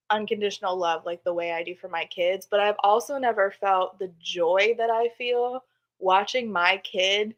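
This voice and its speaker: A woman, a mother of two young boys, chatting on a video call panel with lots of laughter. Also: mid-range voice. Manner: warm, gushing, laughing often. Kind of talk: casual panel talk.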